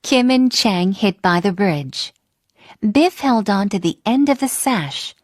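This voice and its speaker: Woman reading a kids story, slow and bouncy, dry close sound. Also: medium pitch, no room sound. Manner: slow and expressive, acting out the characters. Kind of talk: children's storybook read-aloud.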